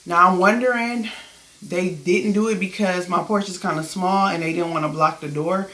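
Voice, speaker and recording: A woman's voice: fairly low pitch, fairly even intonation, normal speed, bright, forceful tone. A woman vlogger chatting casually to camera, frank and talkative, calling her viewers y'all and swearing freely, over a noisy background. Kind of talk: casual vlog chat to camera.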